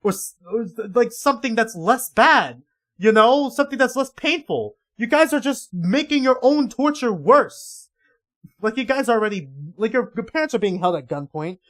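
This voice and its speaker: A man's voice: extremely high pitch, animated, normal speed, a bit bright. A man livestreaming casual reaction commentary, rambling and swearing heavily in an exasperated way.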